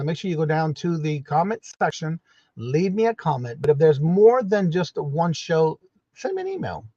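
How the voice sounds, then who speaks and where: A man's voice: fairly high pitch, a little mellow, dry recording. A man hosting a casual morning live stream, greeting viewers by name in a repetitive, upbeat way and reading out a schedule. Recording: dull lo-fi dry audio.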